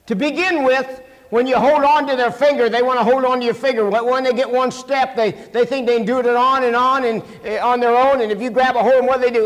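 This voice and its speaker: A middle-aged male pastor preaching a sermon, telling folksy stories and acting out quotes in sudden loud shouts. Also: very high-pitched, brisk. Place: church sanctuary. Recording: long hall reverb.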